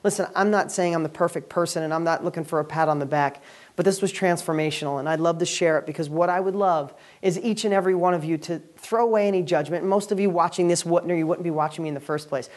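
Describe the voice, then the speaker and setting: A man's voice: a little high, quick pace. Upbeat man giving a motivational talk. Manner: energetic, upbeat, emphatic. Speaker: real estate educator hosting a weekly video.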